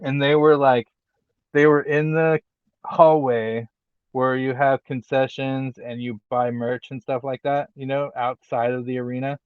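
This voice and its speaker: A man co-hosting a wrestling podcast in casual chat, rambling with lots of fillers and getting animated when he retells things. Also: medium pitch, unhurried, clean tone, no echo, highs cut off. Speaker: podcast co-host.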